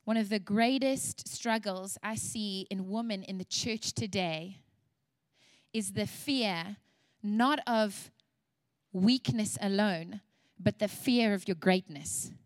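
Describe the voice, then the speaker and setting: A woman's voice: mid-range voice, no echo. A woman preaching a sermon to women with passionate, emphatic repetition.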